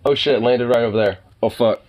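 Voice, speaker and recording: A man's voice: mid-range voice, steady tone, fairly quick, a little mellow. A man chatting casually to the camera about his dog, laid-back and profane, often chuckling. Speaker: vlogger filming his dog. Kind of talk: casual chat.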